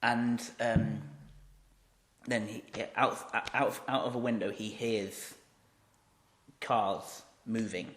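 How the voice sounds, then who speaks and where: A man's voice: fairly low pitch, steady tone, slow pace, pauses often. A man co-hosting a podcast, improvising a story with many restarts and fillers. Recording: roomy echo.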